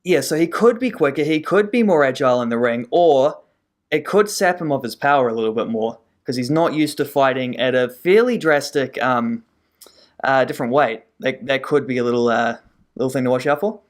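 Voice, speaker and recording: A man talks through his analysis as a podcast co-host. His delivery is relaxed and loose, full of ums, restarts and trailing phrases. His voice sits at an ordinary middle pitch for a man. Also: brisk. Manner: relaxed, thinks aloud with many ums and restarts. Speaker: co-host, sports pundit. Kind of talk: casual sports podcast chat.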